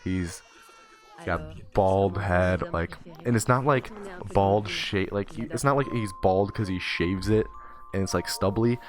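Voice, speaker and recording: A young man casually telling a long story as a streamer, rambling with fillers and restarts and popping into squeaky voices for the characters. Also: measured pace. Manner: acts out the kid and teacher in high squeaky voices. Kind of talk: casual storytelling while gaming.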